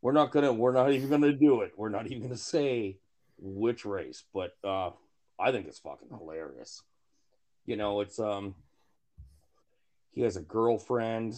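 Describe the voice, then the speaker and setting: A man's voice: lowish voice, normal speed, pauses often, darkish tone. A man chatting casually on a podcast, telling self-mocking jokes in a rambling, profane way full of restarts. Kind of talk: casual chat.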